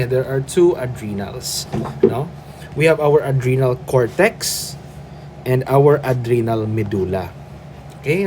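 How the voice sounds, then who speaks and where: A man's voice: mid-range voice, darkish tone, slight background noise. Firm Filipino man lecturing a class. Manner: firm, tags lines with "okay?" and "no?"; mixes English with Cebuano. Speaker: nursing instructor.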